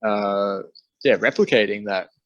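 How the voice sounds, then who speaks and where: An Australian man hosting a podcast, calmly reflecting on what his guest said. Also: on the low side, measured pace, dry recording, muffled recording. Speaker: podcast host. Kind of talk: casual conversation.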